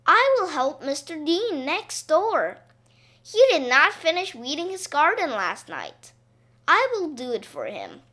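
An eager, earnest little boy of seven from a storybook, as a woman reader puts him on. His voice sits high and bright and bounces up and down, and he talks slowly. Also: wildly swooping pitch, heavily acted. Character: eager helpful seven-year-old boy.

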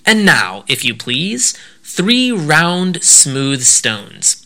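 A man's voice: fairly high pitch, big pitch swings, drawn-out words, gravelly, bright, forceful tone, full character voice. A man doing sly coaxing hungry soldiers. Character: three hungry clever male soldiers, sly and persuasive.

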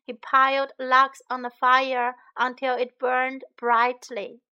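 A woman narrating a children's storybook for English learners, reading slowly, clearly and expressively. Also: high voice, completely flat delivery, pushed and bright, dull audio.

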